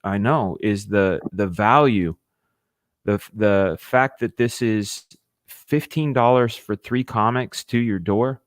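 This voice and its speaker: A man hosting a casual livestream, talking with eager enthusiasm and halting restarts, sometimes with his mouth full. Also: lowish voice, no echo, clean studio sound. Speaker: livestream host.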